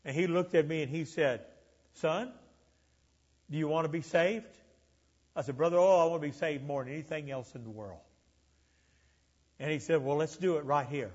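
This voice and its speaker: An older man from Alabama with a Southern accent, preaching an impassioned sermon that swells loud and high, then sinks low. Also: moderate pace, pauses often, husky, big-room sound, lo-fi sound. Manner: impassioned, building to near-shouting then dropping low.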